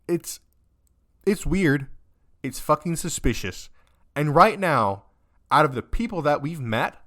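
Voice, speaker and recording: A man's voice: medium pitch, a bit bright. A young man playing a game and commenting on it, upset and close to tears, who swears constantly and rants in broken, trailing sentences. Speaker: let's-play gamer.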